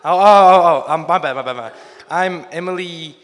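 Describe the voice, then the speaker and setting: A young man giving a nervous, halting groomsman toast at a wedding, stumbling and restarting. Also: fairly high pitch, fairly bright tone. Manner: halting, flustered, lots of restarts. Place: wedding reception hall. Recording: long hall reverb.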